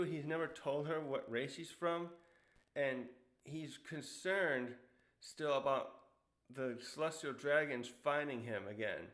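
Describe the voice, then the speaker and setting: A young man talks through a comic chapter in a loose, rambling way, full of ums and restarts. He voices the characters' quotes by pushing his pitch up, then drops back to an ordinary, middle-pitched speaking voice. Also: fairly bright tone. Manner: rambling, many fillers, acts out quotes in a higher voice. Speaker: manga reviewer. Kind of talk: casual recap commentary.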